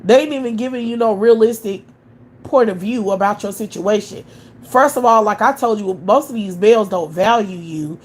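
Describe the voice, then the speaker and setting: Brief woman, livestream host, blunt and profane, scolds her viewers with rhetorical questions, mid-pitched voice. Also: moderate pace, a little hiss or hum. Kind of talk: ranting live commentary.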